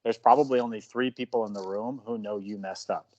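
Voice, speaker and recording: A man's voice: on the low side, steady tone, fairly quick, warm tone, muffled recording. A man who coaches jiu-jitsu, telling self-mocking stories in a casual podcast chat.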